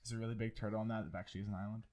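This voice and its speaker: A young man co-hosting a casual chat, constantly joking and teasing with deadpan interruptions. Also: lowish voice, very fast. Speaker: co-host.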